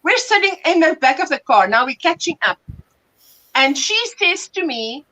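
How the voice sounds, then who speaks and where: A woman with a South African accent hosting a casual livestream chat, telling stories with animated bursts of laughter. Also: high-pitched, normal speed, rough recording. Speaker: livestream host.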